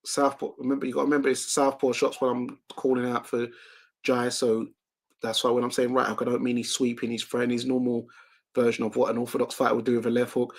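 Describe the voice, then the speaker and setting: A young man hosting a live watch-along, giving excitable play-by-play of a boxing match and reading out viewer comments. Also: medium pitch, brisk. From United Kingdom.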